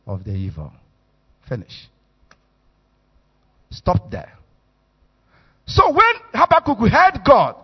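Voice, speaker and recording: A man with a Nigerian accent preaching a sermon, animated and storytelling as he acts out the quotes. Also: a little high, slightly rough. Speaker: bishop, preacher. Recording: echoey hall, muffled sound.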